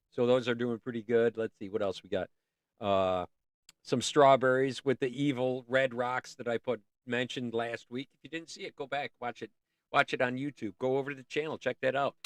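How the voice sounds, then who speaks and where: A man's voice: medium pitch, fairly bright tone, dry recording, studio quality. A man hosting a casual art livestream, rambling and easily sidetracked, breaking off to sing bits of songs. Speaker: livestream host.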